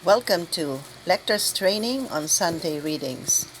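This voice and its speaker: A woman guiding church lectors through the Sunday readings, speaking in a slow, deliberate, carefully enunciated way. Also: lowish voice, expressive, a little hiss or hum, rough recording. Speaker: lector trainer. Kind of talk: instructional reading guide.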